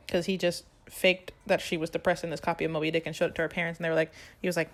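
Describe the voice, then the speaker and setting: A young woman chatting casually on a podcast, retelling a musical's plot with lively quoted lines. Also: lowish voice, racing, few pauses. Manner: animated storytelling, acts out quoted lines. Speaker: podcast co-host. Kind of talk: casual chat recapping a musical.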